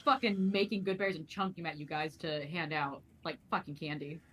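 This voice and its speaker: Casual, low-voiced woman player. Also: fairly even intonation, brisk, a bit bright, breathy edge. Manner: casual, swearing. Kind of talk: tabletop role-play.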